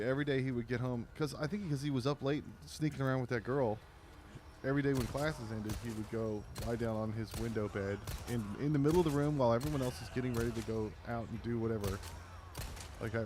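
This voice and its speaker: A relaxed man chats and swaps stories while a friend plays a video game. His voice sits at a middle pitch and he talks in a loose, profane, laughing way. Steady noise runs under the recording. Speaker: co-host of a gameplay podcast. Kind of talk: casual chat over gameplay.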